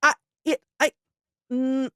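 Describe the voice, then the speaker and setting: A woman's voice: sits high, clean tone, no echo, studio quality. A woman co-hosting a podcast in casual chat, chiming in often and telling stories with animation. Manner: quick agreeing interjections, animated. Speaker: podcast co-host.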